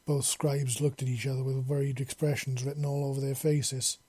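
A man's voice: medium pitch, level tone, a little fast, warm tone, husky, dry recording. A man reading a fan-fiction story aloud in plain narration, sometimes restarting a phrase. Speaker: story reader.

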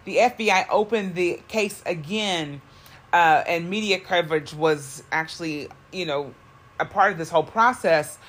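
A woman with a low voice co-hosts a podcast from a car. Her casual chat rambles along, full of fillers and self-corrections.

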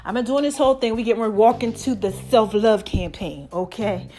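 A middle-aged woman hosting her podcast, talking in an animated, preachy way and a little out of breath. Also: a little high, a little fast, soft background music. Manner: animated, preachy, hypes her shows, calls listeners y'all and baby. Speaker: podcast host. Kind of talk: casual monologue to listeners.

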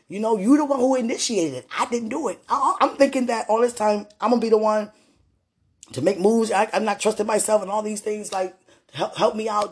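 Here a podcast host with a mid-range, slightly rough voice relates a personal tale directly to her partner. Her lively, casual retelling performs everyone's quoted lines, and her faith comes through in frequent mentions of God and the Holy Spirit.

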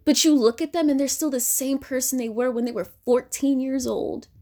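High-voiced woman ranting bluntly. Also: normal speed, darkish tone. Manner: blunt, profane, confrontational. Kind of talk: political rant to camera.

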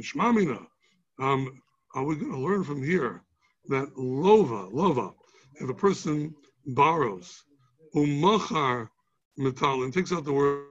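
Husky man teaching a Talmud class. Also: fairly high pitch, highs cut off. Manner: explains step by step with examples, frequent restarts and rhetorical questions.

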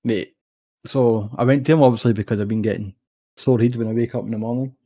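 A young Scottish man rattles through a rambling story at a quick clip, swearing freely as he goes. His voice sits in an ordinary middle register. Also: medium pitch, fairly even intonation, mellow. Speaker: podcast co-host. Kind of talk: casual chat.

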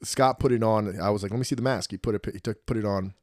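A man in his thirties hosting a podcast, telling animated stories in casual chat and swearing freely. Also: lowish voice, fast, no room sound, clean studio sound. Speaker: podcast host.

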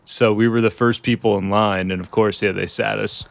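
A man co-hosting a casual podcast, introducing the show in an unhurried, announcing manner. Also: lowish voice, steady tone, vocal fry. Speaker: podcast co-host. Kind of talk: casual chat.

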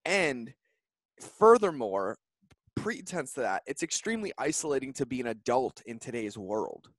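A man in his thirties, a podcast guest, telling an emotional personal story in an earnest, heartfelt way with fast run-on phrasing. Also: medium pitch, very animated, no room sound. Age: 30s.

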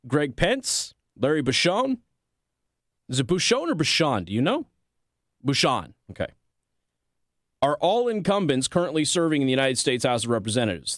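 A man's voice: mid-range voice, no echo, clean studio sound. A man hosting a political commentary show, reading news articles aloud and breaking in with sarcastic, combative asides. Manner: sarcastic, combative asides between read passages.

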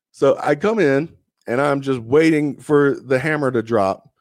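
A young man spins a long, profane anecdote in loose, drawling chat. His voice sits at a middle pitch. It comes across dry and close, with no room sound. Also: no echo. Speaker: podcast co-host. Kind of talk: casual storytelling chat.

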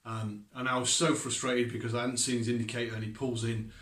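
A man's voice: mid-range voice, level tone, fairly quick, fairly bright tone. Conversational man preaching, roomy sound. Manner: conversational, with asides and questions to listeners. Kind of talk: sermon. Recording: echoey room.

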